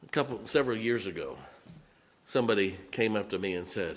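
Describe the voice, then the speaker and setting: A man's voice: lowish voice, expressive, a little fast. A middle-aged man preaching a sermon as pastor, folksy and joking, sometimes mocking whiny voices.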